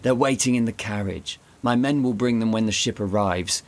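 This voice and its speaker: A man voicing a smooth, relaxed wealthy gentleman with a deep, purring Persian accent, calm and amused. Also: normal speed, lightly acted.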